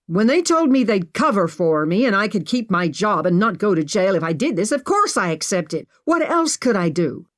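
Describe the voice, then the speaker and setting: A woman's voice: medium pitch, sing-song, normal speed, few pauses, pitched above the performer's own voice, close to an everyday voice. Emma, a woman playing a sarcastic traitor. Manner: sarcastic, defensive.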